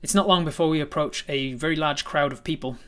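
As game master, a man narrates a tabletop game in a relaxed, meandering way with frequent hesitations. His voice is fairly high and he talks fast.

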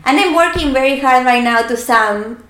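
A middle-aged woman with an Argentinian Spanish accent, talking fast and restarting her sentences in casual conversation. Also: high voice, a bit bright, reverberant.

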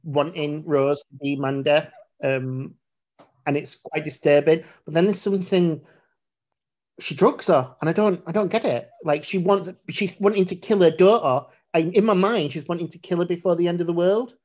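A man's voice: on the high side, moderate pace, darkish tone, dull audio. A man co-hosting a casual film discussion podcast, talking bluntly and swearing freely. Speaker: podcast co-host.

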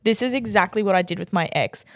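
Young aussie girl co-hosting a podcast, loud and emphatic, swears a lot, dry close mic. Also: mid-range voice, fast talker, dry recording. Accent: Australian. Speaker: podcast co-host. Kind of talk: casual chat.

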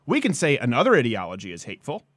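Animated male live-stream host. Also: mid-range voice, rapid-fire, no room sound. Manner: animated, emphatic ranting with jokes. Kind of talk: political comedy live-stream chat.

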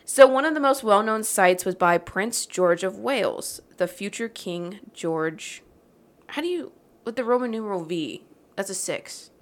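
A woman's voice: mid-range voice, animated, a little slow. A woman hosting a podcast, reading a legend aloud in a casual, joking way, swearing and laughing as she goes. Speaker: podcast host. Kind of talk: casual storytelling chat.

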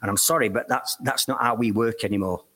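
Husky man telling a blunt trade story. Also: lowish voice, fast, a bit bright. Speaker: loft conversion business owner. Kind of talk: podcast guest storytelling.

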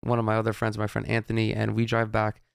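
A young man with a low, gravelly voice that still comes through smooth and resonant. He hosts a podcast and tells a rambling story full of swearing and restarts. The sound is dry and close. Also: monotone, fast, no echo. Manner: rambling, profane, with frequent restarts. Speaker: podcast host. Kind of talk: casual storytelling monologue.

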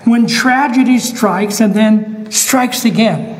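A man's voice: high voice, takes it slowly, big-room sound, rough recording. A male pastor delivering a sermon, emphatic, repeating phrases and asking the listeners questions.

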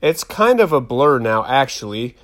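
A man voicing a thoughtful, soft-spoken preteen girl in an audiobook. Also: mid-range voice, big pitch swings, normal speed, close to an everyday voice. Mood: reflective.

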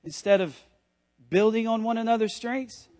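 High-voiced man preaching a lively sermon. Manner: animated, jokey preaching with quick asides. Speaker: pastor. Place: church.

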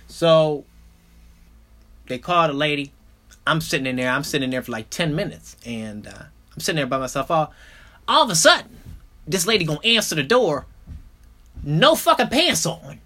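Animated, profane young man telling stories. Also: fairly high pitch, normal speed, long pauses. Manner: animated, profane, jumps between mumbling asides and loud outbursts. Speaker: podcast host. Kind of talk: casual comedic storytelling.

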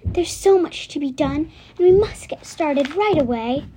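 A woman's voice: high voice, expressive, unhurried, dark tone, slight background noise, voice pushed up. A woman voicing a tiny, brave female fairy in a children's story, urgent and eager.

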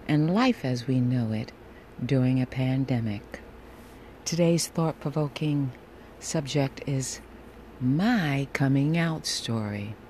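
Woman, fifties, podcast host; sultry, unhurried delivery with a deliberate, theatrical edge. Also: rumbling low, dark tone, slight background noise. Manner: deliberate, with playful theatrical asides. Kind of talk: personal storytelling podcast.

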